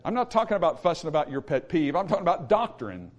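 A man's voice: a little high, big pitch swings, quick pace, lo-fi sound. A male pastor preaching a sermon in an emphatic, repetitive way, with humorous asides.

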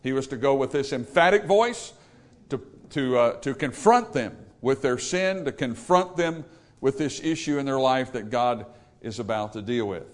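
A man's voice: mid-range voice, moderate pace. A man preaching a sermon to a congregation, emphatic and full of rhetorical questions. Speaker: pastor. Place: church service.

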